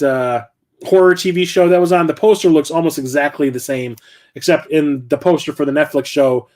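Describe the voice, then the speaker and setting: Middle-aged man, slightly high voice, casual vlog host who rambles, swears and corrects himself mid-thought. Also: a little mellow. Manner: rambling, profane, self-correcting. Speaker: game collector and channel host.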